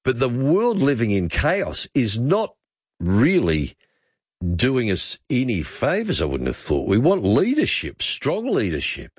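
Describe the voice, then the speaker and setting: A man's voice: mid-range voice, wildly swooping pitch, unhurried, husky, no room sound. A male talkback radio host who muses aloud and reads out listener texts. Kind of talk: late-night talkback radio. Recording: muffled radio broadcast.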